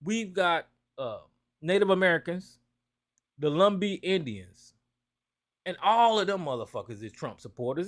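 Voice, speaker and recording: A man's voice: sits high, expressive, normal speed, fairly bright tone. A man from North Carolina, hosting a call-in talk show and ranting profanely about politics.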